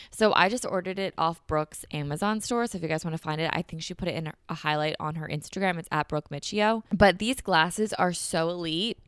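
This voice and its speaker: A woman's voice: fairly low pitch, a bit bright, clear, resonant tone, dry recording, studio quality. Bubbly young woman podcaster. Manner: bubbly, gushing, heavy use of "like". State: slightly congested from allergies. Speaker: podcast host. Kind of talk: casual solo podcast chat.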